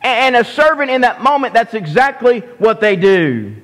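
A man with a Southern US accent preaching a sermon as pastor, slow and deliberate, often restarting his phrases. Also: extremely high pitch, sing-song, a bit bright. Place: church sanctuary. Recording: long hall reverb.

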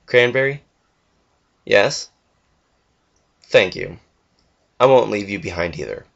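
A man voicing a young male pony who feels broken and trapped, speaking quietly and with strain on a dull lo-fi home recording. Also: fairly low pitch, expressive, slow, gravelly, heavily acted. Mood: grateful.

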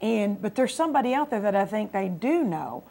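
Woman, gravelly, faith testimony chat, encouraging co-host. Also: mid-range voice, sing-song, a little fast, mellow. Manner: encouraging, prompts her husband to share. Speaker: co-host of a Christian TV program. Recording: local cable TV studio.

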